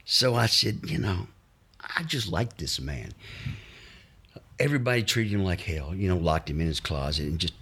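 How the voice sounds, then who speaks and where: A man with a drawl talks in a very low, gravelly-husky register as he rambles through old stories. He stops and restarts often, filling gaps with uh's. He slips into the voices of the people he remembers. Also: expressive, pushed and bright. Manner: rambling, halting with many uh's, acts out the people he quotes. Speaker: guest telling life stories. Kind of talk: casual anecdotal storytelling.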